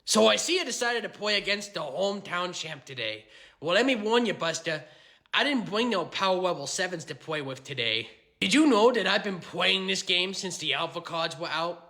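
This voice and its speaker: A boastful, condescending card-game champ, played by a man. The voice is raised and bright, with a lively, sing-song lilt. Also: sits high, moderate pace, pitched above the performer's own voice, full character voice. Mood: smug. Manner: bragging, condescending. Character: smug boastful male hometown card champion. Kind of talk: comedy skit.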